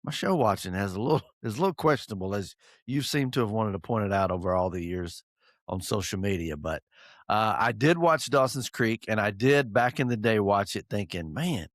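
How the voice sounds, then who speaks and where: A man's voice: lowish voice, fairly quick, no room sound, studio quality. A middle-aged man, co-hosting a podcast in casual chat, joking and teasing and laughing often. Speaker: podcast co-host.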